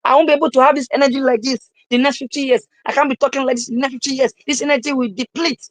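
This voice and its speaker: A young man giving a live-streamed motivational talk, repeating his lines emphatically and rising at times to shouts. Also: very high-pitched, fairly even intonation, very fast, dry recording, low-quality recording. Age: young adult. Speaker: motivational speaker.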